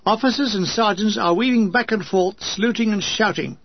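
A man reads his own war memoir aloud, lyrical one moment and wry the next, with comic asides. His voice sits high. The recording is dull and dry, with no room sound. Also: normal speed, dry recording. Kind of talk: audiobook reading with comic asides.

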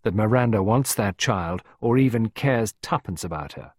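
A man voicing a composed young wife in a storybook reading, speaking in a crisp, clipped, indignant way. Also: on the low side, lively intonation, normal speed, a little mellow, dry recording, studio quality. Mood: sharp. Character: sharp composed young wife, quick to rebuke.

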